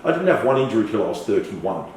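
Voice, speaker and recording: A middle-aged man telling lively stories as a podcast guest. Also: on the low side, fast talker, very echoey, recorded from a distance, slight background noise, poor audio. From Australia. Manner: animated, swearing, storytelling with acted quotes. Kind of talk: casual storytelling interview.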